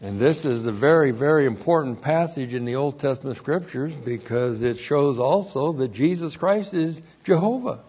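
A man preaching an expository sermon, slow and deliberate, repeating each point for emphasis. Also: mid-range voice, a little mellow, breathy edge, highs cut off.

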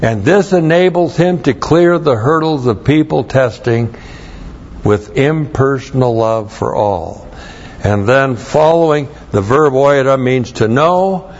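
A man's voice: mid-range voice, takes it slowly, muffled recording. A man teaching a Bible passage, explaining Greek grammar, stressing and repeating key phrases and spelling out words letter by letter. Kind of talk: expository Bible teaching with Greek word study.

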